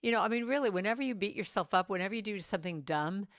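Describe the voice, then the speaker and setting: A woman speaks to a church congregation in an easy, conversational way, sometimes dropping into soft, tender asides. Her voice sits at an ordinary middle pitch. The sound is close and dry. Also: lively intonation, rapid-fire, no room sound. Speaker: guest speaker and singer. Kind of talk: inspirational church talk. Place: church sanctuary.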